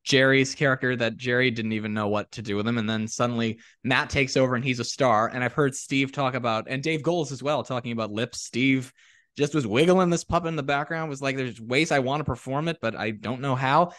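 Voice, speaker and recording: A man's voice: mid-range voice, fairly quick, a bit bright, no room sound, clean studio sound. A man hosting a casual interview, asking long, winding questions full of fillers. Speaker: podcast host.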